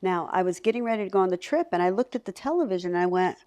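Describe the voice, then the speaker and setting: In rapid-fire delivery and a lowish voice, a middle-aged psychic medium recounts stories conversationally. She is lively throughout, imitating the voices of those in her tales.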